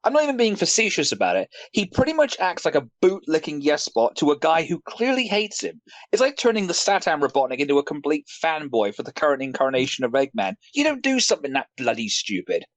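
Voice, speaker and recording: Animated sweary man ranting casually. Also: on the high side, quick pace, hardly any pauses, no room sound. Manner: animated, sweary, mocking impressions. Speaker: reviewer hosting a group discussion. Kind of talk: casual ranting review chat.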